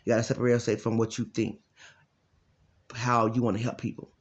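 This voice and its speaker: A man talking as a life coach in a blunt, profane, casual rant, telling stories with loud quoted voices. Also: mid-range voice, flat delivery, a little fast, muffled recording.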